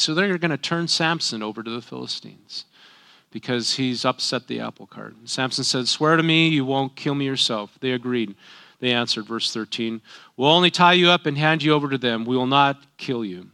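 A middle-aged man with a medium-pitched, bright, forceful and smooth voice reads a Bible passage aloud. Acting as a teacher, he interrupts the scripture with casual, folksy asides.

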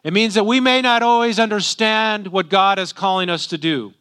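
A male pastor delivers a sermon in a loose, conversational way, often checking in with the congregation. His voice is slightly high, bright and smooth. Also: moderate pace. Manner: conversational, rhetorical tag questions.

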